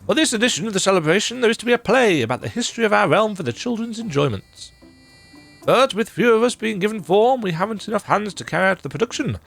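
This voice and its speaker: A man's voice: high voice, expressive, fast talker, creaky, fairly bright tone, soft background music, voice pushed up, heavily acted. A man voicing a posh, theatrical male knight who speaks in pompous, old-fashioned formal phrases.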